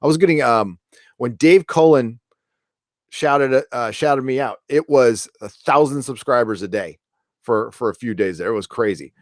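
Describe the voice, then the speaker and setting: A middle-aged man hosts a casual live stream, thinking aloud and correcting himself as he goes. His voice sits at an ordinary pitch. The sound is dry and close, with no room around it. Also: moderate pace, no echo. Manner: rambling, self-correcting, opinionated. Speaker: live stream host reading chat questions.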